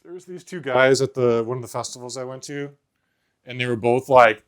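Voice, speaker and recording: A man's voice: mid-range voice, normal speed, smooth. A man co-hosting a podcast, telling rambling stories in casual chat, laughing often and filling gaps with "like". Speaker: podcast co-host.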